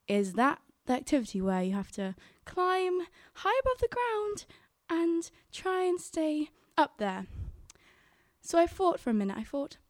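A woman's voice: high voice, sing-song, measured pace, dry recording, studio quality. A young woman telling a personal story on stage, chatty and quoting her own thoughts.

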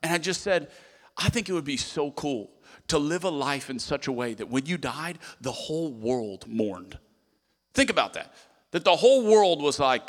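A male pastor preaching a sermon through a story, dropping to hushed tones and rising to loud emphatic peaks. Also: fairly high pitch, lively intonation, moderate pace. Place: church sanctuary. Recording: long hall reverb with faint music.

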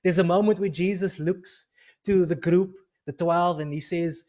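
Earnest pastor guy preaching, kinda high voice, dull lo-fi recording. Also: steady tone, moderate pace, a little mellow. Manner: earnest, storytelling, repeats phrases for emphasis. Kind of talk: sermon.

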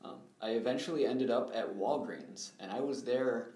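A man's voice: mid-range voice, normal speed, mellow. A young man, a guest in an interview, recounting his life story in an earnest, reflective way. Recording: roomy echo.

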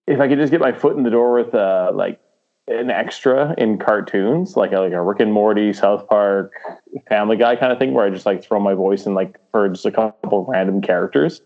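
A man's voice: fairly low pitch, brisk, lo-fi sound. A man in casual chat about voice acting, rambling with many fillers and restarts. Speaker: podcast guest, aspiring voice actor.

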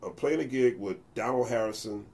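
Brisk and fairly low-pitched, the US jazz bassist tells stories in a casual interview. He animates his anecdotes by mimicking the voices of the other people in them.

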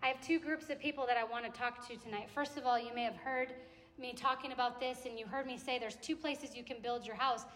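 A young adult woman preaching a sermon to a campus ministry gathering, in a conversational, animated way that acts out little quotes. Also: fairly high pitch, brisk, slight background noise. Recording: echoey hall with long reverb.

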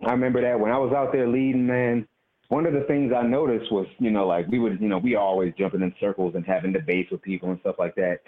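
A man's voice: fairly low pitch, steady tone, quick pace. A male caller from Baltimore in casual call-in chat, talking in a profane, heated, storytelling way. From Baltimore, USA. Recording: lo-fi call with faint noise.

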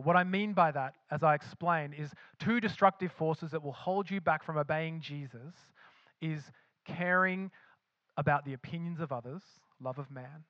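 A man's voice: a little high, no room sound, dull audio. A man preaching a sermon as pastor, emphatic, with frequent repeated restarts. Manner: acts out imagined voices of believers.

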